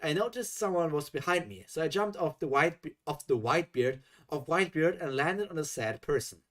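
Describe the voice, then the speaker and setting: A man's voice: a little high, moderate pace. A man reading a fan story aloud on a live stream, breaking off into exasperated reactions. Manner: animated, exasperated asides.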